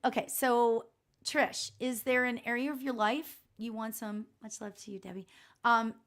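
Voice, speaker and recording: A woman hosting a live psychic reading stream, speaking gently and reassuringly with many pauses and fillers. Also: a little high, little pitch movement. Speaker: spiritual medium host.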